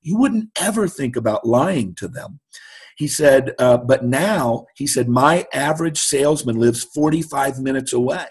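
A middle-aged man with a mid-range, husky voice speaks a little slowly. As a guest in an interview, he tells an animated anecdote, acting out the voices of the people he quotes.

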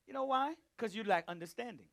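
Animated preaching man. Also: extremely high pitch, fast. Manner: emphatic, calls out to the group; swings between loud and hushed. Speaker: Bible study teacher. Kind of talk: preaching to a live group.

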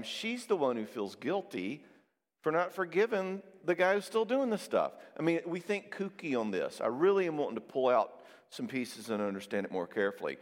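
A man with a drawl telling marriage-counseling stories to a crowd. His voice swings widely in pitch as he acts out both sides of each conversation. It is recorded with a long hall reverb. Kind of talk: conversational Christian talk with stories.

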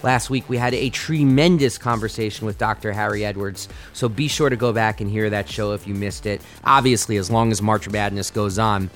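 A man's voice: lowish voice, fairly even intonation, a little fast, hardly any pauses, fairly bright tone, faint music behind. A man hosting a sports podcast, delivering passionate, argumentative commentary.

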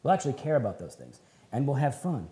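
A man preaching a sermon at a men's retreat, animated and conversational, with folksy slang and laughing asides. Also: medium pitch, fast talker, echoey room. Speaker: pastor.

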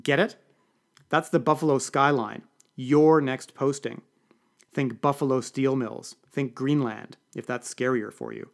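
A man voicing a bossy, loud male political staffer who talks in brisk, commanding bursts. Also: mid-range voice, fairly even intonation, creaky.

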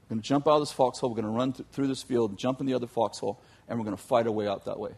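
A man voicing a stern male army sergeant who gives firm, rapid orders. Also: medium pitch, steady tone, vocal fry, darkish tone, husky. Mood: commanding.

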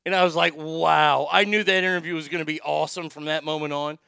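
Gravelly, bright-voiced male talk host. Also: fairly high pitch, a little fast, few pauses, no echo, studio quality. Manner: profane, animated, rambling storyteller. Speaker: podcast host, former sports broadcaster. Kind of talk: casual storytelling monologue.

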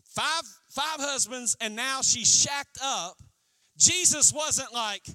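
A man pastor preaching a sermon, acting out quotes in an animated way. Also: very high-pitched, takes it slowly, no echo. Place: church.

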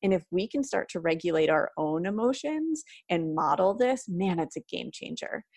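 A woman's voice: lowish voice, lively intonation, moderate pace, a little mellow, no echo, studio quality. A woman talking casually about parenting, chatty, often adding "like" and "right?". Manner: chatty, frequent "like" and "right?" fillers. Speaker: parenting educator guest. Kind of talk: casual conversational advice.

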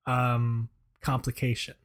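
A man's voice: medium pitch, monotone, slow, a bit bright. A man co-hosting a podcast in easygoing casual chat, often saying "like". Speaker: podcast co-host.

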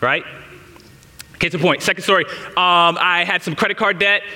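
A man's voice: high voice, normal speed, pushed and bright. A man in his thirties preaching a sermon, telling a candid personal story and speaking straight to the congregation in a large church hall. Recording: reverberant hall.

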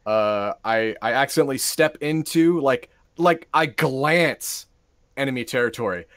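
Male co-host, mid-pitched, hesitant and stammering, dry close recording. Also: unhurried, a bit bright, no room sound. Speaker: podcast co-host. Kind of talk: casual chat.

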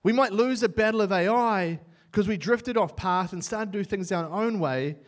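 A young man with a New Zealand accent preaching a sermon, his voice sitting a touch higher than most men's. He tells his own story with self-mocking humour and lively swings from loud to hushed. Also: normal speed.

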